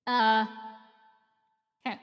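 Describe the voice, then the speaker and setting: A woman's voice: very slow, in a large hall. A young woman streamer chatting playfully between lines of a script she is reading on stream. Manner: playful, giggly asides.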